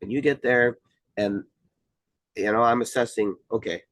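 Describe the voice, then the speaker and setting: Man, middle-aged, from Iowa, official explaining calmly, mid-pitched voice, dry close sound. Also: no echo. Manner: measured, explanatory, many fillers. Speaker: wrestling official, guest. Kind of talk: casual podcast conversation.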